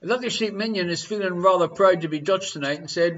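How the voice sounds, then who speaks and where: A man's voice: high-pitched, brisk, fairly bright tone, highs cut off. An Irish man hosting a live online quiz from his living room, reading questions and answers with a jokey, chatty manner. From Ireland. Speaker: quiz show host.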